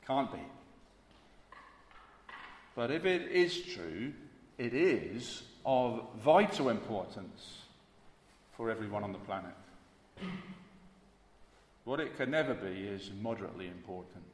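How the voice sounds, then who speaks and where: A man's voice: lowish voice, animated, slow pace, pauses often. A man preaching a sermon emphatically, repeating key words for weight. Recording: echoey hall with faint ambience.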